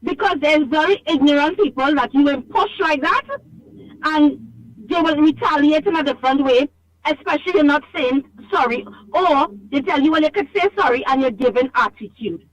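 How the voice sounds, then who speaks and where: A woman's voice: high voice, normal speed. A Trinidadian woman calling in to a radio show, talking emphatically and scolding, repeating herself for stress, over a phone line. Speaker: radio call-in caller. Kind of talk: animated call-in complaint.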